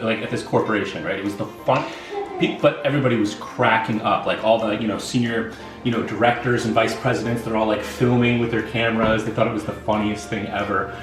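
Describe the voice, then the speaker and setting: A man telling a funny story from work in an animated way, full of "like" fillers. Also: on the low side, quick pace, over music. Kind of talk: casual storytelling. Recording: echoey room, away from the mic.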